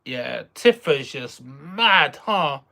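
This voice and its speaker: A streamer casually reacting live to a game, excitable, repeating phrases and exclaiming. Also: mid-range voice, drawn-out words, gravelly.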